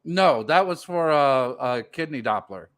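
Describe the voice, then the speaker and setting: A man's voice: a little high, animated, measured pace, a bit bright, no room sound. Slurring man with a numb face. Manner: stammering, self-mocking. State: numb face after dental work, slurred. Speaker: radio show regular.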